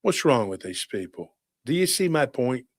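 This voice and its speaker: A man's voice: medium pitch, sing-song, moderate pace, dry recording. A cocky British street thug talks blunt and slangy, full of swagger, as a man puts him on. The sound is dry and close. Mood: scornful.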